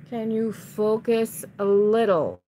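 Woman, casual vlog chat, slow unhurried talk, grumbling and sighing, faint background hiss. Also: medium pitch, dark tone. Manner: chatty and easily frustrated, sighing and muttering at the camera. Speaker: reseller showing items to viewers.

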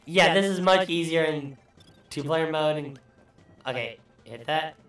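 A man's voice: fairly high pitch, unhurried, a bit bright, far from the mic. A man hosting a let's play, joking and swearing through casual gameplay commentary. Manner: profane, rambling, joking. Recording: echoey room, voice off mic, faint music.

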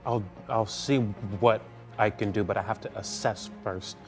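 A man's voice: on the low side, fairly even intonation, unhurried, music in the background. A man playing a tabletop game, hesitant and full of fillers. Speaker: player.

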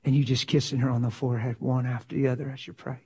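A man preaching a sermon, emphatic and dramatic, swinging from loud to hushed. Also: medium pitch, level tone, fast talker, slightly rough.

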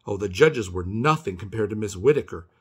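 A man's voice: lowish voice, fairly quick, slightly rough. A man voicing an anxious young boy in a storybook read-aloud. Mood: excited. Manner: worried, then excited. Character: nervous young boy preparing for a spelling bee.

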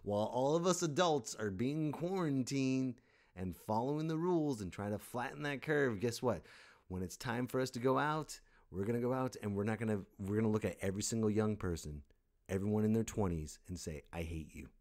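A man's voice: mid-range voice, a little fast, darkish tone. A man hosting a comedy podcast, delivering a sarcastic, exasperated rant and laughing at his own jokes. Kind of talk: stand-up style comic rant.

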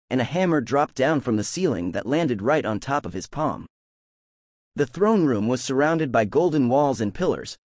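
A man reads a fantasy novel aloud as a fan audiobook narrator. His delivery is expressive with a wide, lively pitch. The recording is dry with no room sound. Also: no echo.

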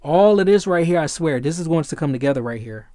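A man giving a casual tarot reading who gets excitable, swears freely and often searches for the right word. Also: fairly high pitch, quick pace, no room sound, studio quality. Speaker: tarot reader.

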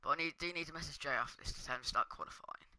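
A man's voice: fairly high pitch, racing, heavy background noise. A young man commenting casually on his own gameplay, swearing and muttering under his breath. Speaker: gaming streamer.

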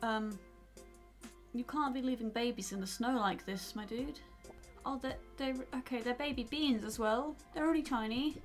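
Brief: high-voiced young woman, casual let's play commentary, goofy and chatty. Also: moderate pace, soft background music. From outside the United States. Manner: playful, reads game dialogue aloud. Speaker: gaming YouTuber.

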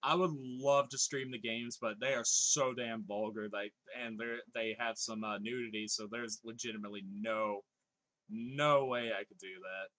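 A man's voice: mid-range voice, steady tone, normal speed, a bit bright. A man in his thirties streaming live, chatting casually, reading viewers' comments aloud and laughing often.

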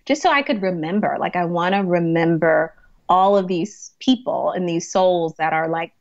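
Here a hospice chaplain and grief coach speaks at a moderate pace in a voice on the low side, recorded with dull audio. She's chatty in this podcast interview, laughing often and saying "like" repeatedly while telling stories.

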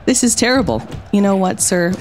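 A woman's voice: medium pitch, animated, a little fast, over music. A woman streaming a game, commenting casually and theatrically. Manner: playful, theatrical, lots of exclamations and laughs.

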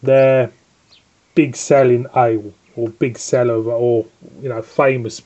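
A man's voice: mid-range voice, level tone, slow, warm tone. A man with a Northern English accent hosting a casual home beer review, chatty and rambling, often breaking off to scold his dog.

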